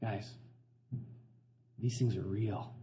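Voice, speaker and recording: A man's voice: on the low side, steady tone, drawn-out words, warm tone. A middle-aged man preaching a sermon as pastor, earnest and conversational, full of fillers and restarts.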